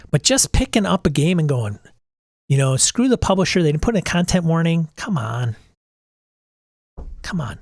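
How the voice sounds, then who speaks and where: A man's voice: fairly high pitch, dry recording, clean studio sound. Blunt exasperated middle-aged man host. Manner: blunt, exasperated, swears casually. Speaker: podcast host. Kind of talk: casual livestream talk.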